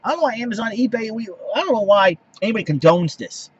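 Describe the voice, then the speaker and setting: Ranting man, higher voice, lo-fi. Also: fast talker, husky. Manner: animated, exasperated ranting with many restarts. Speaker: podcast host. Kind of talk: casual solo rant.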